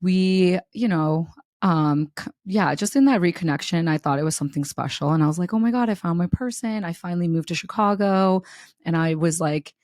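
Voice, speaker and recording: A young woman co-hosting a chatty podcast, recounting her own dating past with a lot of feeling. Her voice sits fairly low for a woman and sounds dry and close, with no room around it. She talks candidly, laughs through the hard parts and doesn't soften her language. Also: normal speed, dry recording. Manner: animated, candid, laughs through the story, swears freely. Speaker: podcast co-host. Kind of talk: casual podcast chat, storytelling.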